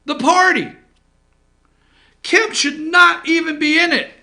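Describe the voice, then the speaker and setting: A man's voice: very high voice, takes it slowly, creaky, pushed and bright. A man hosting a political talk show from an office, ranting with sarcasm, indignation and swearing.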